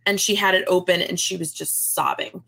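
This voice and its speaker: A woman's voice: on the low side, fairly quick, vocal fry, a crowd in the background. A woman in her thirties, a guest author, chatting in an interview and acting out the people in her stories. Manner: animated storyteller, acts out quoted voices. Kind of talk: casual interview chat.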